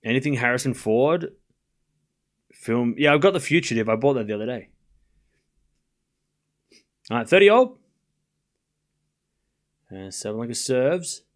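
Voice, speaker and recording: A man's voice: medium pitch, animated, measured pace, long pauses. A man hosting a live tennis watchalong stream, calling the score and chatting casually with his viewers between points. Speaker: livestream host.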